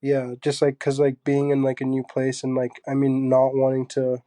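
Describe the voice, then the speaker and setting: Soft, mellow young man, halting speech. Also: mid-range voice, monotone, no room sound. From Zambia. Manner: soft-spoken, halting, many fillers. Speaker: guest artist. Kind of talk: casual interview chat.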